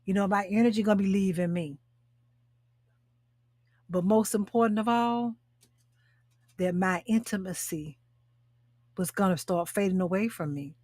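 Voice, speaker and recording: In an unhurried, darkish medium-pitched voice that pauses often and carries no echo, a sixty-something woman hosts a live talk show and coaches women over a webcam or phone mic. She's emphatic, repeating her phrases and speaking directly to her viewers.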